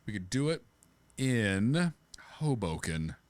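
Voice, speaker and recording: Animated joking male podcast co-host. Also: lowish voice, slow, no room sound. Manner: jokey, animated, trails off mid-sentence. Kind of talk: casual chat.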